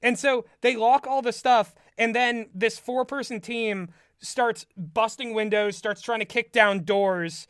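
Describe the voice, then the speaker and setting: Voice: mid-range voice, fairly even intonation, measured pace, hardly any pauses, a bit bright, smooth, dry recording. Podcaster, casual movie recap, rambling, lots of fillers, dry close sound. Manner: rambling, heavy use of "like", amused. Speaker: podcast co-host.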